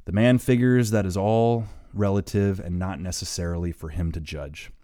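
A man's voice: low voice, steady tone, normal speed, dark tone, no room sound. A man narrating his own audiobook in a matter-of-fact, opinionated way, close to the mic.

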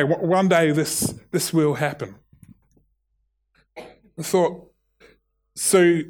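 A middle-aged man with a New Zealand accent delivers a sermon in a slightly high voice. He speaks earnestly, restarting and repeating words as he builds his point. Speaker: pastor.

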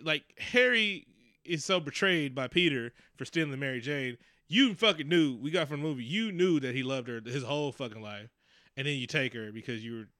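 Bright-voiced profane ranting man. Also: fairly high pitch, clean tone, no echo, clean studio sound. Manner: profane, animated, rants with mock quotes. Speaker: podcast co-host. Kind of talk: casual movie chat.

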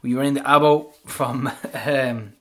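A man's voice: mid-range voice, fairly even intonation, a little slow. A man hosting a casual podcast among football fans, chatty and rambling, laughing often. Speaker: podcast host. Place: pub.

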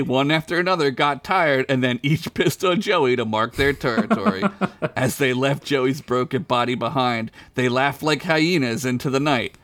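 A man's voice: on the high side, measured pace, fairly bright tone, no echo. A man narrating a crude comedic tale on a podcast, often breaking into laughter at his own jokes. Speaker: podcast storyteller.

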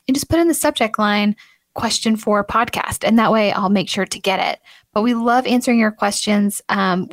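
A woman's voice: mid-range voice, no echo, clean studio sound. A woman hosting a marketing podcast in a chatty, upbeat way, laughing often. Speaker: podcast host. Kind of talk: casual podcast chat.

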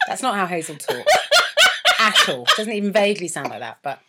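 A woman's voice: fairly low pitch, big pitch swings, fairly quick, heavy background noise. A middle-aged woman co-hosting a comedy podcast, chatting casually, laughing often and slipping into silly voices. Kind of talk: casual chat.

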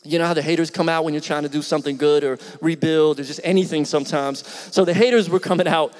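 A middle-aged man from Philadelphia, a pastor telling a story in his sermon, talking in a conversational, animated way and asking the congregation questions. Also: a little high, quick pace, in a large hall.

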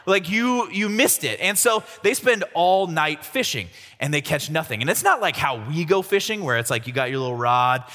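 A man's voice: on the high side, lively intonation, moderate pace, hardly any pauses, pushed and bright. A young man telling a Bible story as a comic youth sermon, jokey and slangy. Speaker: youth speaker. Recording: reverberant hall.

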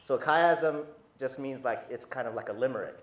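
A man preaching a sermon as pastor, teaching in a conversational way with asides and restarts, pitch climbing when he grows emphatic. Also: normal speed, fairly bright tone. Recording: echoey hall, dull lo-fi sound.

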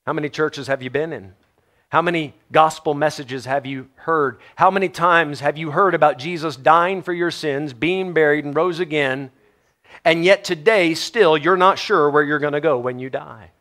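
Texan male preacher, higher-pitched voice, animated sermon delivery. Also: moderate pace. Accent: Texan American. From Texas. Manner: animated, swings from quiet to loud and laughs often.

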